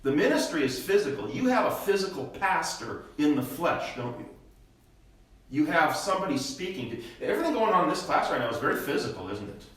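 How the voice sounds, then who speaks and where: An older man teaches a church Bible study, his voice sitting a touch high for a man. He works through his points with rhetorical questions, checking in with "okay?" over and over. The recording is heavily echoey, picked up from a distance in a church room. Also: very animated, fairly quick, fairly bright tone. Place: church classroom.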